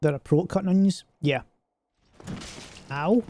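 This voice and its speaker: A man's voice: on the high side, unhurried, warm tone, a little hiss or hum. A man streaming a game, chatting casually and joking in a rambling way with lots of filler words. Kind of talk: casual gaming stream commentary.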